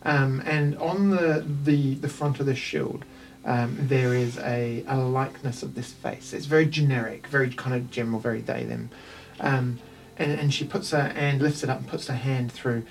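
A man's voice: medium pitch, fairly even intonation, normal speed, far from the mic. A man with a New Zealand accent narrating a tabletop game as game master, rambling with frequent ums.

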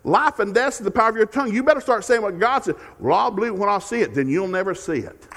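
A middle-aged man preaching a sermon as a guest speaker. He is folksy and humorous and repeats key phrases. He moves between loud, emphatic preaching and quiet, confiding storytelling. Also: high-pitched, expressive, fast talker, slight background noise. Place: church sanctuary. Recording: long hall reverb in a church.

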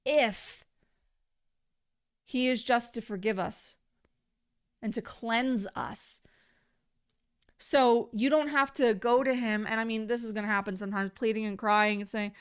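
A woman's voice: fairly high pitch, normal speed, pauses often, clean tone. A woman giving a livestreamed Bible teaching in an earnest, conversational way, often repeating words for emphasis.

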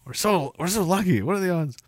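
A man hosting a podcast, ranting with sarcasm and bursting into shouting now and then. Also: high-pitched, expressive, fast, no room sound, studio quality. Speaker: podcast host. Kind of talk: ranting commentary.

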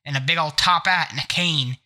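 A man hosting a live gaming podcast, telling bits in a playful, animated way. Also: on the high side, a little fast. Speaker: podcast host.

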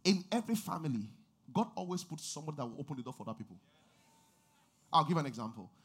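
A man preaching a sermon, reading scripture and building up to shouted, sing-song exhortations. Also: on the high side, big pitch swings, fast, husky. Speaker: pastor.

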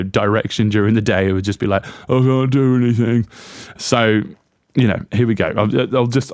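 A rambling English man chatting casually as a podcast host, his voice sitting on the low side. He restarts his sentences often and fills the gaps with ums, poking fun at himself. The recording is close and dry, with no room sound. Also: darkish tone, dry recording. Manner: rambling, self-deprecating, many fillers and restarts. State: recovering from chest infection. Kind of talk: casual chat.

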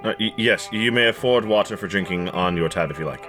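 A man playing a jittery, stammering attendant in a tabletop game, deferential to a fault and stumbling over his words. The voice is fairly low and bright. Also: a little fast, faint music behind, natural voice. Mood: nervous polite. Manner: stammering and deferential, keeps saying sir. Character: nervous, overly polite male railway attendant.

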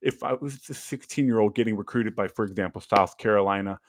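A man's voice: on the low side, fast. A young man chatting casually as a podcast co-host, telling stories with lots of fillers and restarts. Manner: animated storytelling with fillers and restarts. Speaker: podcast co-host, former ballplayer. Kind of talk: casual chat.

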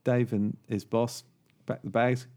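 A man's voice: medium pitch, flat delivery, measured pace, dark tone. A man co-hosting a podcast, chatting casually and telling a long, rambling joke with many fillers. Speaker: podcast co-host.

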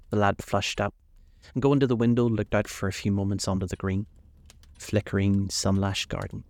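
A man reading a classic novel aloud as narrator, with an unhurried, measured delivery. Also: lowish voice, steady tone, a little mellow, dry recording.

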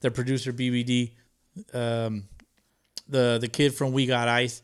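A man's voice: medium pitch, unhurried, clear, resonant tone. A man co-hosting a podcast, telling a story in casual chat, swearing a lot and laughing as he goes. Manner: profane, animated storytelling with lots of laughing. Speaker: podcast co-host.

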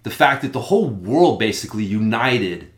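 A man in casual podcast chat, talking in an animated, rambling way and swearing often. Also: on the low side, moderate pace. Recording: roomy echo.

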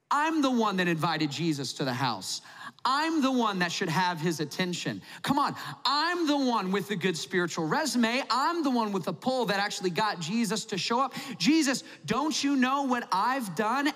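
A man's voice: high voice, expressive, a little fast, sharp tone. A man voicing a smug, self-important Pharisee host who talks in a pushy, chummy way. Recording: long hall reverb.

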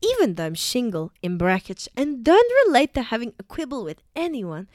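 A woman putting on the voice of a sweet, gushing elderly woman, high and quavering. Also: very animated, moderate pace, darkish tone, no echo, clean studio sound.

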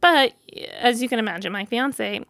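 Frank, gravelly-voiced woman in her thirties. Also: on the high side, normal speed, fairly bright tone, dry recording, studio quality. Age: 30s. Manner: frank and chatty, with many fillers. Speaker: vlogger. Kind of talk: candid personal storytelling.

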